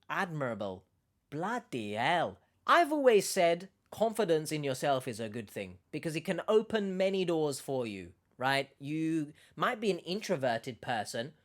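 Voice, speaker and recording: A male YouTube commentator talks through his thoughts in a loose, casual way. He is sarcastic, tends to ramble, and often stumbles over a word and starts it again. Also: mid-range voice. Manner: rambling, sarcastic, self-correcting.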